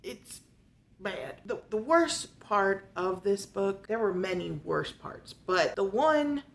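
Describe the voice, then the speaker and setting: A woman giving a casual, sarcastic book review and retelling the plot with animated asides. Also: mid-range voice, slow pace, gravelly.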